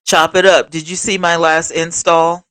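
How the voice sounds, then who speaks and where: A woman's voice: fairly low pitch, flat delivery, moderate pace, a bit bright, dry recording. A woman hosting a casual livestream, chatting expressively and talking straight to her viewers as she reads their comments. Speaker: livestream host.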